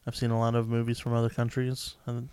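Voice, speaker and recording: A man co-hosting a podcast in casual chat, tossing off dry, deadpan quips. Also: medium pitch, quick pace, clean tone, no echo. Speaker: podcast co-host.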